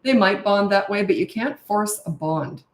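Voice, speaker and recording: A woman in her sixties, working as a parenting coach, answers viewer questions in a frank, conversational live-stream Q&A. Her voice is medium-pitched and reverberant, at a normal speed.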